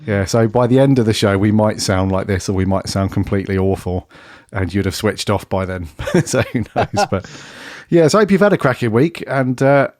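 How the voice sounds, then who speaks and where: Man, croaky head cold, low voice, dry close sound, chatty casual podcast talk. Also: animated, moderate pace, few pauses, darkish tone, dry recording. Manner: chatty, says "mate" a lot. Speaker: podcast co-host. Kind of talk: casual chat.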